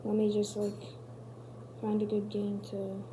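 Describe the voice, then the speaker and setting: A woman's voice: mid-range voice, monotone, unhurried, noisy background. A woman hosting a casual tech explainer video, rambling and correcting herself as she goes. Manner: rambling, self-correcting, chatty. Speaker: video host.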